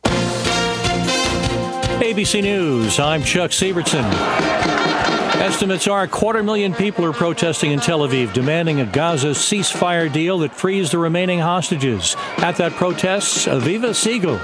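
A man anchoring a network newscast with crisp, measured scripted delivery. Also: fairly high pitch, animated, over loud music, over a noisy crowd. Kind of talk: scripted newsreading.

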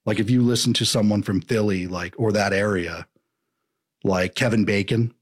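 Low husky man in rambling casual chat. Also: normal speed. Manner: rambling, filler-heavy. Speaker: podcast co-host, comedian.

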